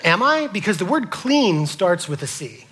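A man preaching a sermon to his congregation, asking them questions and swinging from loud to whispered. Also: high-pitched, very animated, normal speed, slight background noise. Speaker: pastor.

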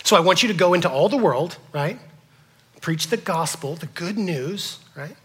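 A man preaching a sermon to his congregation, asking them questions and swinging from loud to whispered. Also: sits high, expressive, normal speed, breathy edge. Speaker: pastor.

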